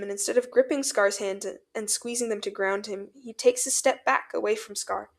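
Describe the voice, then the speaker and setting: A woman reading fanfiction aloud as narrator in an expressive, dramatic way. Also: mid-range voice, moderate pace, gravelly, hardly any pauses. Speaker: fanfiction podcast reader.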